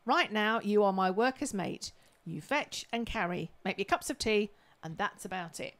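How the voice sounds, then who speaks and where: A man's voice: sits high, expressive, moderate pace, fairly bright tone, pitched above the performer's own voice. A man voicing his bossy older uncle, a no-nonsense builder who talks down to him. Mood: stern. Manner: stern, dismissive.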